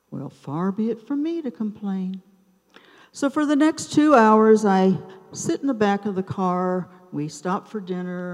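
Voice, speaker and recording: Woman, 70s, live storyteller onstage: warm, low-set, very slow delivery with pauses, reverberant theater sound. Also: animated. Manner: unhurried, with dramatic pauses between short phrases. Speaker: open mic storyteller. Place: theater stage.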